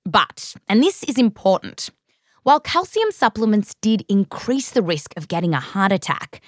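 A woman's voice: mid-range voice, very animated, normal speed, no echo, clean studio sound. A woman with an Australian accent hosting a science show, narrating from a script in a playful, wry way and interviewing a guest. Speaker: host.

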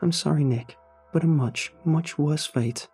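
Man doing a ghost mother, high strained voice, dark husky tone, eerie and pleading, horror story. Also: unhurried, soft background music, full character voice. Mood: ominous. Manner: raised strained pitch, then low and ominous.

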